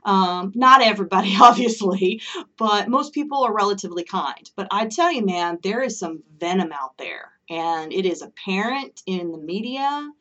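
A woman's voice: mid-range voice, lively intonation, normal speed, a bit bright, recorded from a distance, dull audio. A woman delivering an impassioned solo monologue, emphatic and ranting, often checking in with "okay?".

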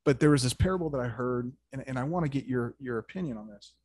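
A man hosting an interview, telling an animated story with stammers and restarts. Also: medium pitch, quick pace. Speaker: podcast host. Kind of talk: casual interview chat.

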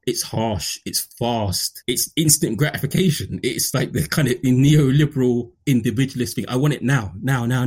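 A man's voice: medium pitch, a little mellow, breathy edge. A man from London with a London accent, talking passionately and preachily as a guest author, using casual slang. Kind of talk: animated conversational discussion.

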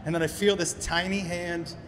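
High-voiced, profane stand-up comedian. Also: male voice, steady tone, normal speed, fairly bright tone, slight background noise. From Massachusetts. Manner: loose, profane, rambling storyteller. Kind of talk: stand-up crowd work. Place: comedy club stage. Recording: live club recording with long reverb and crowd ambience.

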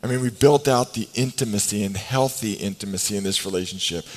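A man preaching a sermon as pastor. He swings between hushed, slow lines and emphatic, faster bursts, and acts out the voices in the scripture. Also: fairly low pitch, poor audio.

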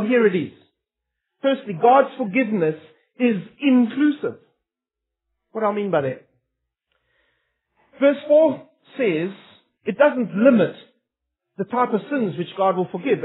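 A man's voice: high-pitched, slightly rough. A man preaching a sermon in an earnest, emphatic way, asking his listeners rhetorical questions. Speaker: pastor. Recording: tinny phone-like sermon recording.

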